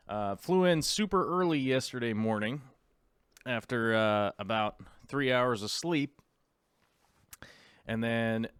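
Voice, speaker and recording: A man's voice: medium pitch, fairly bright tone, clear, resonant tone, no room sound, clean studio sound. A tired, jet-lagged man hosting a casual live stream from home, rambling and restarting his sentences as he greets viewers. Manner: rambling, restarts often, chats with viewers and dog.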